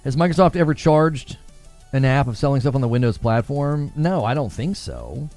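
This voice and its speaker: A man's voice: medium pitch, big pitch swings, normal speed, darkish tone, soft background music. A man hosting a casual gaming livestream, reading chat and talking back to it, laughing often.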